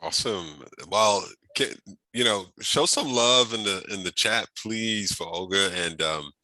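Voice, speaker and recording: A man's voice: lowish voice, measured pace, sharp tone, no room sound. A man hosting an online workshop over a video call, upbeat and chatty, with lots of fillers and restarts. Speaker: host of a workshop speaker series. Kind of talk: casual online event hosting.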